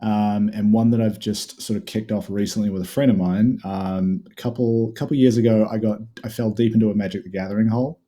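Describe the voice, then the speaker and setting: Low, mellow New Zealand man. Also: fairly quick, hardly any pauses. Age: 30s. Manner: relaxed, many filler ums. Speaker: podcast guest. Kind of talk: casual podcast chat.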